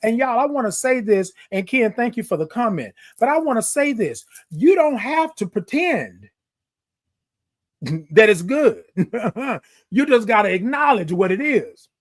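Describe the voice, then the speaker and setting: A man's voice: very high-pitched, sing-song, unhurried. A young man hosting a motivational livestream, talking casually to viewers, greeting commenters by name and stretching out his greetings with a playful sing-song. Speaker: livestream host.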